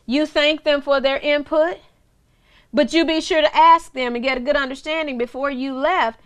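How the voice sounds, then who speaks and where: A woman's voice: sits high, fairly even intonation, normal speed, a bit bright. A woman in her forties, a minister giving a conversational teaching sermon, full of repetitions, restarts and playful asides to the cameraman. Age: 40s. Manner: repeats words and restarts often.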